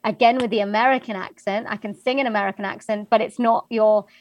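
A woman's voice: mid-range voice, steady tone, quick pace, a little mellow, dry recording, rough recording. A woman from Wales who speaks with a general British English accent, a singer and voiceover artist talking in an interview in a chatty way with many fillers. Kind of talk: interview conversation.

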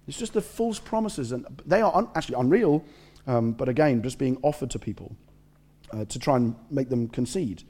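A man's voice: on the high side, fast talker. A man preaching a sermon, reading scripture aloud and breaking off for joking asides and stories. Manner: animated, joking asides and storytelling.

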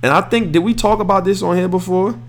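Animated New guy talking hoops. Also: sits high, fast talker. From northern New Jersey. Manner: animated, rambling, slangy. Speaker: podcast host. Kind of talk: casual sports talk.

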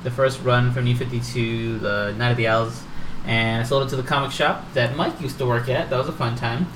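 Podcast co-host, male, lively storyteller who voices quotes and laughs; echoey room, mic set back. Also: medium pitch, brisk, far from the mic, noisy background. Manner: animated storytelling, acts out quotes, swears, laughs often. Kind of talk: casual chat about collectibles.

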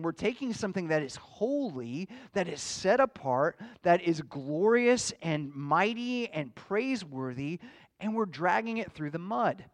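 His voice sits high as he preaches. The pastor takes an earnest, measured teaching approach, turning questions toward the people listening.

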